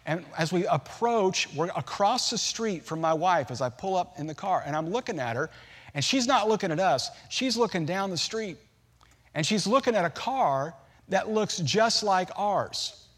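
Middle-aged male pastor, fairly high voice, chatty storytelling sermon with jokes. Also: animated, moderate pace, fairly bright tone. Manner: storytelling, conversational, humorous asides.

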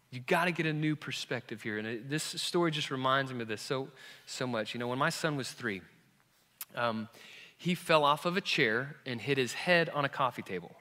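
Guy pastor preaching a sermon, bright tense voice, big church hall echo, goes quiet then really loud. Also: on the high side. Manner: storytelling, swings from quiet to loud and emphatic. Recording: long reverb of a large hall.

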